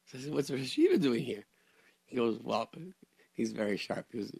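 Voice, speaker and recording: Gravelly man telling a story. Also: mid-range voice, a little fast, no room sound. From Rochester, New York area. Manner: animated storyteller, many restarts, Hebrew and Yiddish words. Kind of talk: casual storytelling chat.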